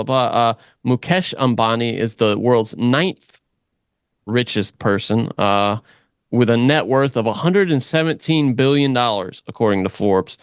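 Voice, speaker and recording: A man's voice: medium pitch, clear, resonant tone, no room sound, clean studio sound. A man co-hosting a casual podcast, reading headlines aloud and joking along the way. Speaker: podcast co-host.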